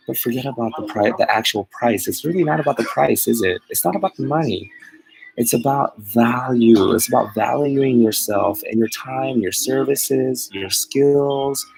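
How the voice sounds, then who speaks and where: Earnest rambling man with a gravelly voice. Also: mid-range voice, low-quality recording. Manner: earnest, rambling, self-correcting, laughs often. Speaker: dog groomer hosting a live chat. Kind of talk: casual live-stream chat.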